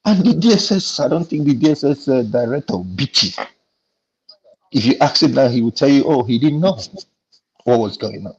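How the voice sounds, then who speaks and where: Panel guest: indignant Nigerian man, mid-pitched, slightly husky, lo-fi audio. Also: lively intonation, moderate pace, darkish tone. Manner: indignant, tells stories with quoted dialogue. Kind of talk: casual panel discussion.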